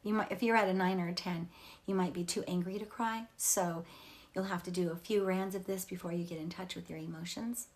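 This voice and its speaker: A woman leading an emotional tapping session, talking casually and candidly, swearing now and then and dropping to a soft whisper for the affirmations. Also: lowish voice, steady tone, a little fast. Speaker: EFT tapping instructor. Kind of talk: guided tapping instruction.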